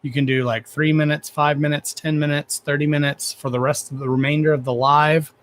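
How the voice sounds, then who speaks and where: A man with a fairly high, flat voice speaks fairly quickly, his tone fairly bright. He's hosting a casual livestream, bluntly addressing viewers with plenty of swearing while gushing over them. He comes across as blunt, profane, and affectionate toward his audience.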